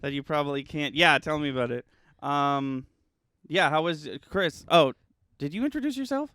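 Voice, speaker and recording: A young man hosting a podcast in casual chat, quick and joking as he steers the talk. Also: on the high side, expressive, pushed and bright, smooth, no echo, clean studio sound. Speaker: podcast host.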